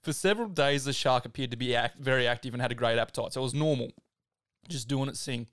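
A man's voice: mid-range voice, fast talker, clean tone, dry recording, studio quality. Australian man casually retelling a story. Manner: relaxed, filler-heavy retelling with "like". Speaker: podcast host.

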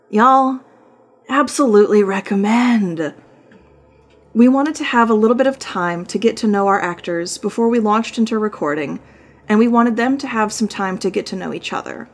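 A woman's voice: mid-range voice, normal speed. A woman hosting a podcast, reading a chatty, self-deprecating segment. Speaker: podcast host. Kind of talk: scripted podcast narration.

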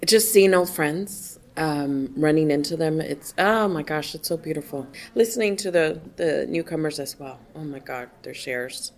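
Gushy woman with a low voice, chatting at a conference. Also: normal speed, few pauses. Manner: effusive, many exclamations. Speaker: conference attendee, AA member. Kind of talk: casual interview answers.

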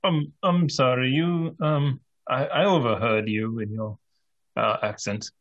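Husky-voiced man playing a tabletop game. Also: mid-range voice, measured pace, highs cut off. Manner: hesitant, full of ums and dry jokes. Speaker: player. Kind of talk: tabletop role-play.

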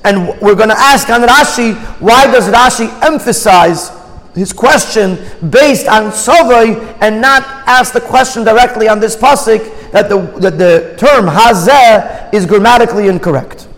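A man's voice: sits high, a little slow, a bit bright, in a large hall, low-quality recording. A man teaching a Torah class, reading out Hebrew phrases and explaining each one in English. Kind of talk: text study class, reading Hebrew then translating.

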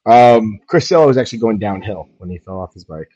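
A New man co-hosting a podcast in casual sports banter, throwing blunt, deadpan jabs. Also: lowish voice, a little fast. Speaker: podcast co-host. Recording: dull lo-fi sound.

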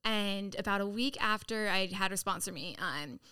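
A woman's voice: mid-range voice, moderate pace, clean tone. A woman guest on a podcast telling her story in casual, profane speech, acting out quoted lines. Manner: animated, profane, acts out quotes.

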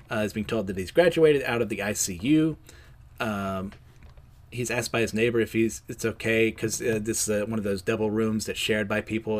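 A man hosting a casual, unedited review show, rambling loosely with many fillers and self-mocking laughs. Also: fairly low pitch. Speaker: host of a comics review show. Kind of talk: casual review chat, recounting a comic.

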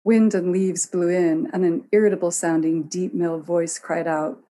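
A woman narrating a fantasy tale in a measured storytelling manner. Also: on the low side, fairly even intonation, warm tone, slight background noise.

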